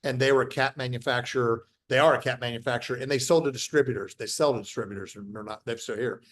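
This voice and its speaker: During a casual interview, a middle-aged company founder talks fast in a medium-pitched, steady, fairly bright voice. He is blunt and emphatic, restating points and restarting sentences, and he plays out quoted dialogue when telling stories.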